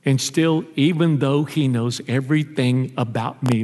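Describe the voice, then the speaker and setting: A male pastor preaching a sermon in a church, telling stories and dropping low and soft on tender lines. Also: a little slow, few pauses. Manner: storytelling, drops low and soft on intimate lines. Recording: long reverb of a church hall.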